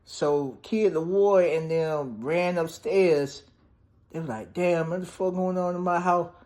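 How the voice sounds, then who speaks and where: A man's voice: fairly high pitch, measured pace, a little mellow. A man casually recapping a movie's plot in a loose, profane, slang-heavy way, peppered with "damn, bro". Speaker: movie reviewer.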